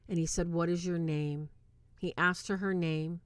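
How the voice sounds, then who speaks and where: A woman's voice: on the low side, fairly even intonation, normal speed, clean tone, no echo. A woman hosting a casual livestream movie review, eagerly retelling scenes and checking in with her chat.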